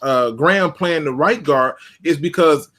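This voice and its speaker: A man's voice: on the high side, measured pace, a bit bright. A man co-hosting a casual sports podcast, emphatic and fond of repeating phrases for effect. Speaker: podcast co-host.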